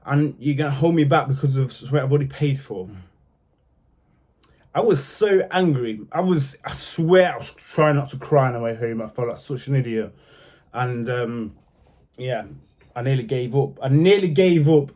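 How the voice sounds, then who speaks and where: A young man tells his own story to camera in a blunt, casual way, swearing freely and moving between anger and quiet regret. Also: medium pitch, normal speed.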